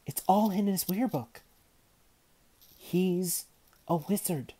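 A man's voice: medium pitch, normal speed, warm tone, breathy edge, no echo, lightly acted. Man voicing a defiant teenage girl enchanter. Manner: defiant and demanding.

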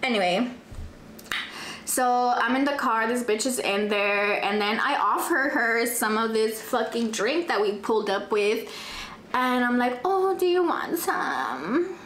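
A young woman, telling a dramatic storytime in casual chat, profane and animated, dropping in Spanish phrases. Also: a little high, a little slow, a little hiss or hum. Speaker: vlogger. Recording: echoey room, faint ambience.

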